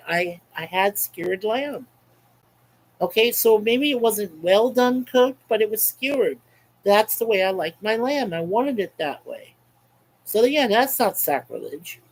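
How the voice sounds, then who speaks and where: A man's voice: sits high, low-quality recording. A man hosting a casual webcam livestream, reading out chat comments in a rambling, chuckling, repetitive way. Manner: rambling, chuckling, repeats himself.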